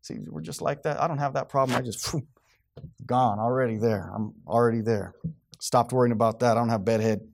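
A man preaching a sermon to his congregation, swinging from quiet, low remarks to loud, high outbursts. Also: a little fast, gravelly. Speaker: pastor.

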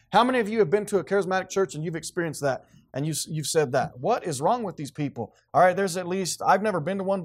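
A pastor with a fairly high voice delivers a sermon from the pulpit. He preaches emphatically and often restarts his sentences.

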